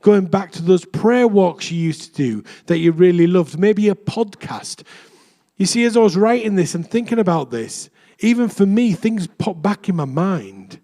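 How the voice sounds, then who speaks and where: Chatty young vicar with a mellow voice. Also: male voice, high-pitched, expressive, normal speed. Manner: chatty, self-deprecating storyteller. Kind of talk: sermon. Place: church.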